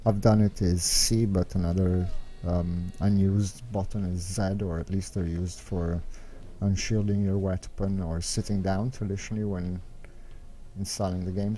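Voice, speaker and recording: A young man who makes game strategy guides talks over gameplay footage in a low, dark voice. His commentary is unscripted and meandering, as if he's thinking aloud while explaining strategy.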